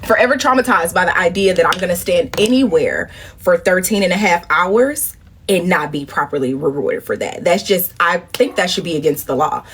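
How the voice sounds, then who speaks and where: Husky-voiced woman telling animated stories. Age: 30s. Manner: animated storytelling, jumps to high indignant exclamations; drops to low murmured asides. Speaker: livestream host. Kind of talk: casual live-stream chat.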